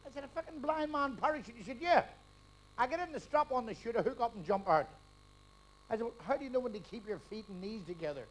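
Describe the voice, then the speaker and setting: An older man telling stand-up jokes on stage, firing punchlines fast and dropping quietly into the characters' lines. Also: extremely high pitch, lively intonation. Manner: rapid punchline delivery, drops to quiet asides for quotes. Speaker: stand-up comedian. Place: live stage before a laughing audience. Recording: live crowd, faint hiss.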